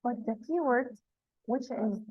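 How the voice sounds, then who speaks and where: Higher-voiced woman teaching grammar, dry and dull. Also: slightly rough, no room sound. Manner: repeats rules slowly and with emphasis. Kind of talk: classroom grammar lesson.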